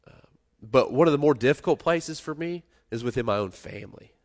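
A middle-aged man preaching a sermon in a conversational way, rising to loud emphasis and dropping to quiet asides. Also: mid-range voice, lively intonation, brisk. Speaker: pastor.

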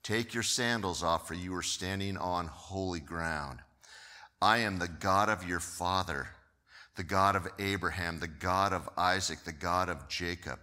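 A man voicing God speaking from a burning bush, reading the lines slowly and gravely. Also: deep voice, pushed and bright, pitched below the performer's own voice. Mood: solemn.

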